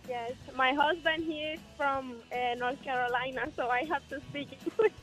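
A Puerto Rican woman calls in to a radio show. She speaks slightly high and picks her English words with effort. Faint music plays behind the line. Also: fairly even intonation, normal speed, fairly bright tone, poor audio. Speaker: caller.

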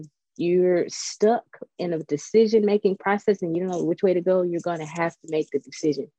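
Chatty woman with a dark, dry voice. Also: lowish voice, no echo, muffled recording. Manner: chatty, digressive, animated storytelling. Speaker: spiritual guest. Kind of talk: casual spiritual chat.

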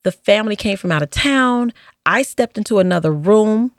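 A woman, a former hospice nurse, telling stories from her work in a casual interview, acting out what people said with lively jumps in her voice. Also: moderate pace, no echo, studio quality. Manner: animated, acts out quoted dialogue with big pitch jumps.

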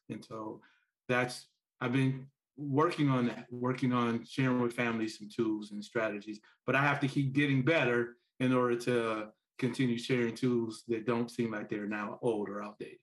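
A man's voice: medium pitch, normal speed. A man, a parent and author, telling stories as a podcast guest, acting out quoted lines and laughing often. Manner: animated storyteller who acts out quotes and laughs often. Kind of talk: podcast interview storytelling.

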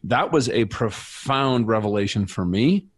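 Recounting his personal faith journey as a guest, a middle-aged man sounds earnest and reflective. His fairly low, slightly rough voice has lively intonation and a measured pace.

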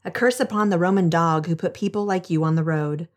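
A woman doing a gruff, dismissive innkeeper. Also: on the high side, fairly even intonation, brisk, close to an everyday voice. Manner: harsh, dismissive. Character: gruff impatient male innkeeper.

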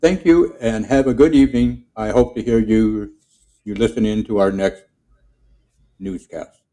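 A man's voice: fairly low pitch, a little slow, warm tone, natural voice. A man voicing a formal newscaster with a stiff announcer delivery.

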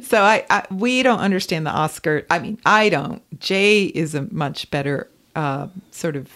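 A woman co-hosting a casual chat, a Chinese medicine practitioner who talks in an animated way and laughs often. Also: on the low side, moderate pace.

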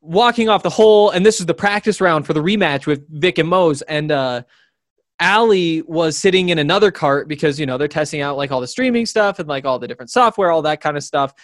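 Young guy on a sports podcast, rambles a lot, fairly high voice, dry close sound. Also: expressive, a little fast, dry recording. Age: 20s. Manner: rambling storyteller, many fillers. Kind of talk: casual chat.

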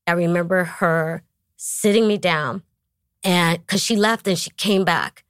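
A woman's voice: on the low side, a little slow, a bit bright, clean tone, dry recording, clean studio sound. A middle-aged woman telling a personal story as a talk show guest, acting out the voices of the people she quotes.

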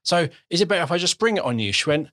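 A man's voice: a little high, big pitch swings, very fast, fairly bright tone. A man, a dad and co-host, telling a story hesitantly with repeated words. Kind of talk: casual conversation.

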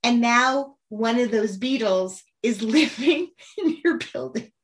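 With a fairly high, animated voice, this interview host speaks slowly. She's warm and enthusiastic, posing eager questions, laughing and responding keenly in a conversational exchange.

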